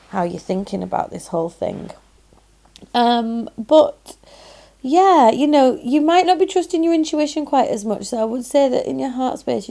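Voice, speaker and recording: A Yorkshire woman reads tarot cards aloud in a casual, gushing way, pausing on frequent "um"s. Her voice sits a little high with a mellow, soft tone, and her phrases often trail into a gravelly fry. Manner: chatty and effusive, frequent "um"s and "lovely". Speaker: tarot reader. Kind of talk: casual pick-a-card tarot reading.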